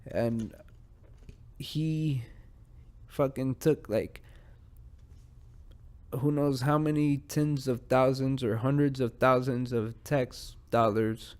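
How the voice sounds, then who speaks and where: A man's voice: medium pitch, darkish tone. A man hosting a one-man podcast, ranting in profane, rambling bursts that drift off mid-thought. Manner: easily distracted, drifts off mid-sentence. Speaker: podcast host. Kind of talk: solo podcast chat.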